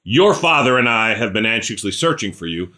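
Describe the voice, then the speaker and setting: A man preaching a relaxed, conversational sermon. He keeps checking in with the congregation and calls on listeners by name. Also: lowish voice, fairly quick. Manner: chatty, asks listeners questions by name; animated, acts out scripture characters. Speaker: pastor.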